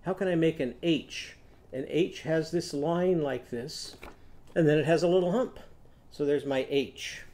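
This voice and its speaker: A slow-paced man with a slightly higher voice than most men, leading a children's phonics lesson. He speaks in an animated, coaxing way and sings short lines for young learners to echo back. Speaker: teacher.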